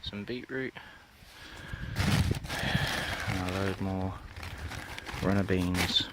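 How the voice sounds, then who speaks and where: Low-voiced man rambling outdoors. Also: drawn-out words, heavy background noise. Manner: rambling, chatty, lots of ums and "you know what I mean". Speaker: allotment vlogger. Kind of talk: casual walk-and-talk vlog. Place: outdoors on an allotment plot.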